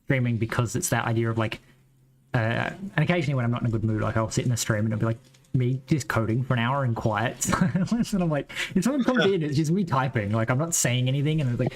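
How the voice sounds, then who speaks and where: A man's voice: mid-range voice, fast talker, a little hiss or hum, low-quality recording. A man with a Western Australian accent who rambles and thinks aloud while coding on a live stream. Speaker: game developer streamer.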